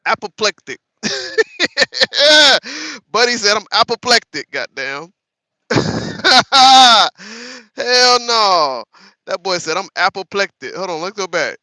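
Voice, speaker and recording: Male host, 30s, casual stream commentary, animated and laughing, bright lively voice. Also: high voice, takes it slowly, no room sound. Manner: animated, laughing, talks to the chat.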